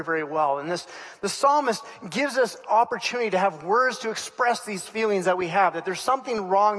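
High-voiced earnest male preacher. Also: fairly bright tone, in a large hall. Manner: earnest, repeats words, voices prayers in a pleading tone. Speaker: pastor. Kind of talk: sermon.

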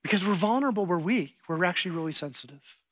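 With a high-pitched, fast delivery, a middle-aged man preaches, weaving animated stories into his sermon. He acts out each quote as he goes.

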